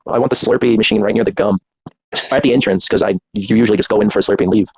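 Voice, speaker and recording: Man, extremely rapid speech, husky tone, dull dry recording, playful podcast banter. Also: on the low side, steady tone, no echo. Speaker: podcast co-host. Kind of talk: casual comedic chat. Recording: dull lo-fi sound.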